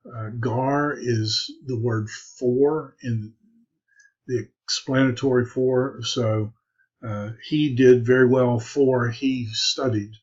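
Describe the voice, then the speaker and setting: A man teaching an introductory language class in a recorded video lecture, halting often with "uh" and "um". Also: medium pitch, fairly even intonation, a little mellow, husky. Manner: halting, many "uh" and "um" fillers. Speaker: Greek instructor. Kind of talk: recorded lecture over slides. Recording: dull lo-fi voice recording.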